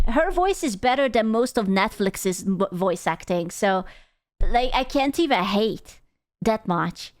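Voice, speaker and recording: Young woman, streamer, animated reaction talk, fairly high voice, dry close sound. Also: smooth, no room sound. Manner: animated, exclaiming, quick asides. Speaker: VTuber streamer. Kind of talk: casual reaction commentary.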